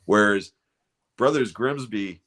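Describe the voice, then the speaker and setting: A man's voice: fairly low pitch, takes it slowly, fairly bright tone. A man co-hosting a livestream who rambles in casual chat, filling his talk with "you know". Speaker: livestream co-host.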